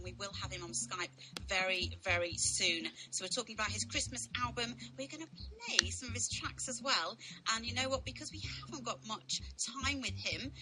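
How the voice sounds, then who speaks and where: A woman's voice: medium pitch, poor audio. Bubbly woman radio host over music. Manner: chatty, bubbly, full of fillers. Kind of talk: casual radio chat. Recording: music playing underneath.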